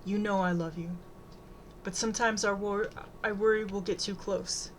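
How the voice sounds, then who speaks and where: A woman's voice: medium pitch, steady tone, normal speed, a little hiss or hum, close to an everyday voice. A woman reading the part of an outspoken, fierce adult woman. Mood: gentle.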